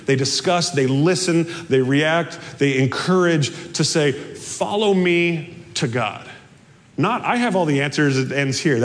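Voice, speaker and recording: Man preaching in a reverberant hall. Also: a little high. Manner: conversational preaching with rhetorical asides. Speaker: pastor. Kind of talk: sermon.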